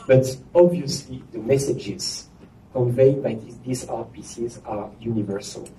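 A man with a mellow voice gives a measured formal speech, pausing on fillers. He is recorded from a distance with faint background noise. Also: medium pitch. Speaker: ambassador giving a speech.

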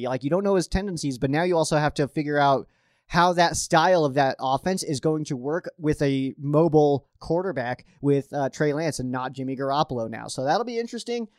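A man's voice: on the high side, no echo, clean studio sound. A man casually rambling through his football picks, restarting sentences and swinging his emphasis up and down. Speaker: sports podcast host.

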